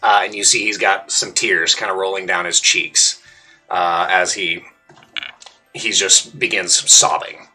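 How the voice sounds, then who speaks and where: A man running a tabletop game, narrating scenes loosely with plenty of fillers. His voice is on the low side with a very bright, forceful edge. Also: steady tone, unhurried, husky, faint music behind. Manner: loose, descriptive, with many fillers. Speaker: game master.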